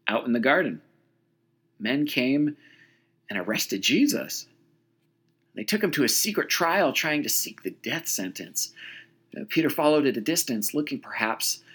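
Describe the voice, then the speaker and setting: Male preacher, husky, mid-pitched, animated storytelling sermon.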